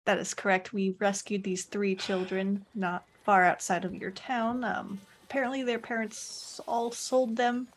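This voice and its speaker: A woman's voice: medium pitch, fairly even intonation, measured pace, few pauses. Woman player, tabletop game, polite formal in-character talk, mid voice.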